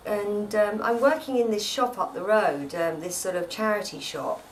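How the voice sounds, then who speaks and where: A woman's voice: medium pitch, moderate pace, distant mic, slight background noise, low-quality recording. An actress chatting at home in an interview, rambling and often repeating her words. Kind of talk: casual interview chat. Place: at home, indoors.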